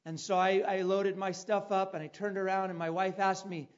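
A man preaching a sermon, telling a personal story with dramatic turns and loud calls. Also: high-pitched, level tone, brisk, muffled recording. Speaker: pastor.

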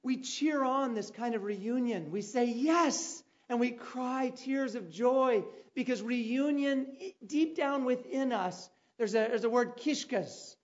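A man preaching a sermon, telling a personal story with dramatic turns and loud calls. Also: very high-pitched, takes it slowly, hardly any pauses, muffled recording. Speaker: pastor.

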